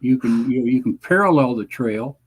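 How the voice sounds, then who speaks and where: A man in his seventies, a guest veteran, answering interview questions in a halting, measured way with frequent pauses. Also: mid-range voice, expressive, slightly rough, poor audio. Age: 70s. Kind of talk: conversational interview reminiscing.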